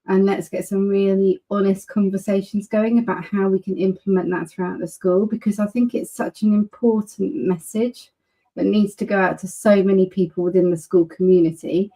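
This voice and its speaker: Lady hosting a webinar, super enthusiastic, mellow dark voice. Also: mid-range voice, steady tone, moderate pace, low-quality recording. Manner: gushing, enthusiastic. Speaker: webinar host.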